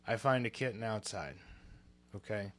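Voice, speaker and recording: A man's voice: fairly low pitch, animated, moderate pace, a bit bright. A young man co-hosting a podcast, telling a story in casual chat, candid and swearing freely. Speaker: podcast co-host.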